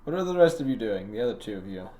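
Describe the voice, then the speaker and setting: A man's voice: on the low side, big pitch swings, very fast, warm tone. A man narrating as game master of a tabletop game, jokey and laughing often.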